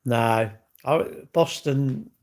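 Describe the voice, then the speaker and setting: Talking very slowly with vocal fry in a mid-range voice, this livestream host in his sixties banters cheekily with viewers, casual and occasionally profane.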